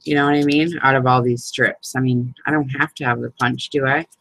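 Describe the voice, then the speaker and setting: A woman's voice: a bass voice, fairly even intonation, fairly quick, a bit bright, dry recording, rough recording. A woman hosting a live crafting chat, rambling and exasperated, swearing and laughing as she talks to viewers by name. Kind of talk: casual live chat, demonstrating a paper craft.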